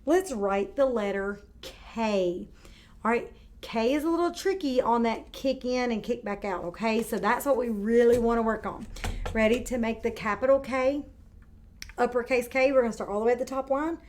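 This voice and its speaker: A woman teaching a kindergarten video lesson, speaking slowly and clearly and stretching out words for young children. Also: fairly high pitch, darkish tone, slight background noise.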